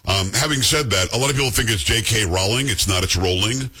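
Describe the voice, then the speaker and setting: A man hosting a radio show, bantering casually with teasing, animated storytelling and acting out other people's lines. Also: lowish voice, quick pace, slightly rough.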